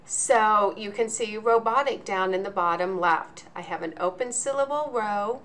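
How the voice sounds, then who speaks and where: Woman teacher going slow and steady through an example, calm explainer voice. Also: medium pitch, a little hiss or hum. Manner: patient step-by-step explaining. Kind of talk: instructional walkthrough.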